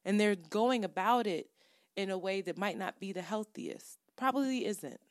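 Woman podcast co-host, casual storyteller, swearing freely, lively up-and-down delivery, dead-dry booth sound. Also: mid-range voice, normal speed, dry recording. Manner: animated, profane, builds to heated.

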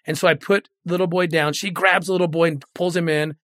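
A man's voice: a little high, steady tone, quick pace, a bit bright, dry recording, studio quality. A middle-aged man, a guest in an interview, telling a moving story earnestly and often repeating words when moved.

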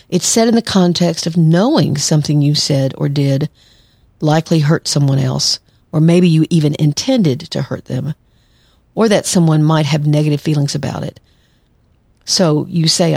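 A woman's voice: sits low, steady tone, normal speed, creaky, darkish tone, breathy edge, no room sound, clean studio sound. A woman therapist hosting a solo podcast, talking conversationally and acting out quoted lines. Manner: conversational, acts out quoted lines, laughs lightly. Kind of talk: solo podcast advice talk.

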